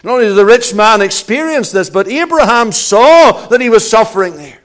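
A man preaching a sermon, emphatic and repetitive, swinging from hushed passages to loud ones. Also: high voice, lively intonation, moderate pace.

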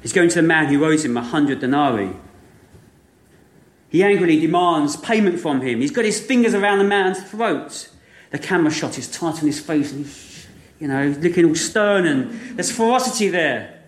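Male preacher, slightly high voice, lively storyteller full of rhetorical questions; echoey room. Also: normal speed. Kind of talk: sermon.

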